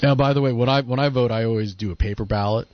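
A man's voice: mid-range voice, fast talker, dry recording. A male talk radio host chatting casually and rambling, restarting his sentences. The sound is dry and slightly muffled. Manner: rambling, hesitant.

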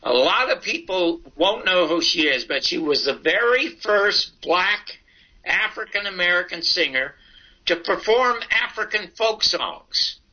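Telling stories during an interview, this older man brings his anecdotes to life by performing the dialogue himself. His voice is high-pitched and measured in pace, and the sound quality is lo-fi.

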